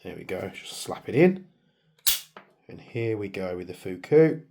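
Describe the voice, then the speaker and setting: A man's voice: low voice, lively intonation, measured pace. A man hosting a hands-on airsoft test, talking casually and muttering to himself as he works the gear. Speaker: airsoft channel host. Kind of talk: casual hands-on product testing. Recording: clear background noise.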